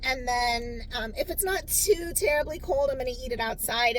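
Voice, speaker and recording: A woman's voice: high voice, moderate pace, few pauses, fairly bright tone, slight background noise, rough recording. A woman vlogging on a solo road trip, chatting casually and straight to her viewers while she films herself. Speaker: travel vlogger. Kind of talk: casual solo vlog chat.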